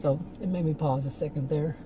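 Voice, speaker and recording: A woman talks loosely and at length, her sentences breaking off and restarting as she laughs between thoughts. Her voice is very dark and mellow. A faint hum sits under the recording. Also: deep voice, steady tone, fairly quick, low-quality recording. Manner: rambling, with frequent laughs and restarts. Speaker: channel host. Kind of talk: casual opinion monologue.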